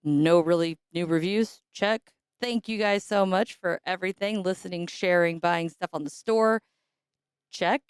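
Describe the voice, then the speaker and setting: A woman hosting a podcast who is hoarse and raspy, chatting casually and rambling with fillers. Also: on the low side, a little slow, no echo, clean studio sound. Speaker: podcast host.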